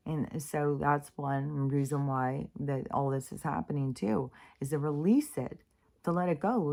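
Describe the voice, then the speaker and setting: A woman's voice: sits low, warm tone. A woman speaking as a spiritual teacher in a casual, rambling monologue, full of fillers and restarts, and frank enough to swear in passing.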